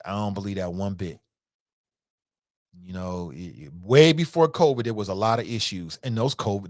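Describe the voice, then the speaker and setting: A man hosting a casual call-in talk show, reading out listener comments and reacting with emphatic, animated commentary and frequent repetition. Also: lowish voice, normal speed, no room sound, studio quality. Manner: animated, emphatic, rises sharply when incredulous; conversational, repeats himself for emphasis.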